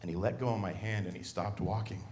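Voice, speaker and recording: This middle-aged comic works a club stage with family stories, acting out the scenes in lively fashion. He talks fast in a lowish voice, and there's slight background noise.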